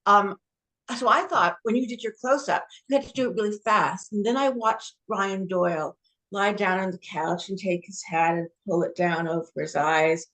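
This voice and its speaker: A woman's voice: mid-range voice, normal speed. A woman from New Jersey, an actress guest telling anecdotes in a casual interview. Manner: warm anecdotal storytelling.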